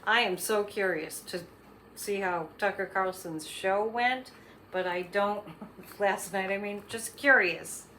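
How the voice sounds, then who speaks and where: A woman's voice: mid-range voice, slow pace, bright, forceful tone, slight background noise. A woman hosting her own show, giving psychic readings in a rambling, casual monologue full of fillers and restarts. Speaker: psychic host.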